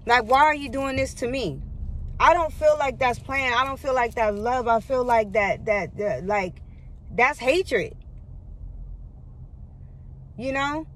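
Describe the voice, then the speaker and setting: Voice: medium pitch, takes it slowly, long pauses, a bit bright. A vlogger earnestly recounting a painful personal testimony straight to viewers, often repeating and restarting phrases. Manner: earnest and repetitive, stumbles and restarts, speaks directly to viewers as "y'all". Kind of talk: emotional personal testimony to camera.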